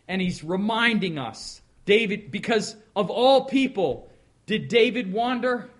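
A man preaching a sermon in a folksy way, stretching out words and swinging between loud stresses and quiet asides. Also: sits high, animated, a little slow. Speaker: pastor.

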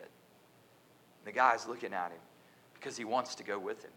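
Bright-voiced man preaching with dramatic swings. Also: on the low side, normal speed, slight background noise. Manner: dramatic swings from loud emphasis to whispers. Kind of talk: sermon. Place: church.

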